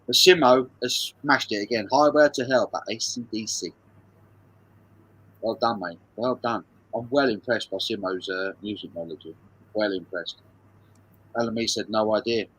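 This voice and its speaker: A man's voice: on the low side, normal speed, a bit bright, slightly rough, poor audio. A man with an English accent hosting a music quiz on a casual livestream, full of banter, repeating his phrases and reading out viewers' chat.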